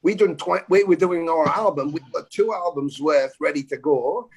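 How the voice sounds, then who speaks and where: A man, a rock singer, talking fast and emphatically on a casual video chat, with some swearing. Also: fairly high pitch, breathy edge.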